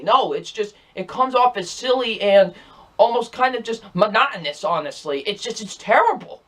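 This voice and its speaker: A man's voice: high voice, animated, normal speed, a bit bright. A young man reviewing movies in a casual, rambling and exasperated way, repeating himself often. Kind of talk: casual ranking video.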